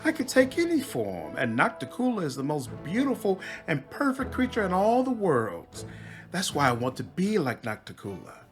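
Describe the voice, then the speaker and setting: A man's voice: high voice, huge pitch swings, moderate pace, faint music behind, pitched above the performer's own voice. A man voicing a vain female swamp demon queen who is petulant, whiny and awkwardly flirtatious.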